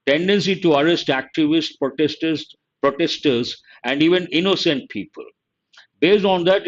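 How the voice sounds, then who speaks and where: Man, fairly high voice, English teacher, explains word by word, dull lo-fi sound. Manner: reads a sentence then glosses words slowly. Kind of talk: explaining a newspaper editorial line by line. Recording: dull lo-fi recording.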